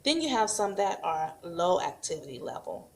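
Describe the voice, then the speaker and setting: A woman's voice: fairly low pitch, sing-song, darkish tone, slight background noise. Patient woman teaching a toddler craft. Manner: patient, slow and encouraging, models sing-song animal sounds for toddlers. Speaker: preschool teacher. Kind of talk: craft demonstration and parenting tips. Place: home.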